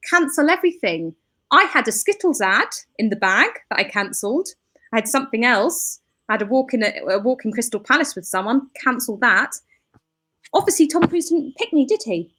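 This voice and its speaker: A middle-aged woman telling a comic anecdote in front of a live audience. Her voice is fairly high, and she breaks into laughter as she acts out the people in her story. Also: animated, a little fast, sharp tone. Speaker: comedy podcast co-host.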